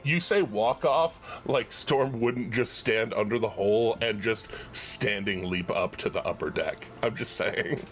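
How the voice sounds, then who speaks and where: A man running a tabletop game as game master, talking in a halting way with many restarts and frequent laughs. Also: on the low side, a bit bright, soft background music. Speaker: dungeon master.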